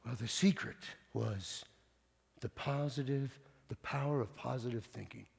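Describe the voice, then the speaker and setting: A man preaching a conversational sermon, with frequent stumbling repeats, swinging between loud and hushed. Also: mid-range voice, a little slow, vocal fry, long reverb tail. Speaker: pastor.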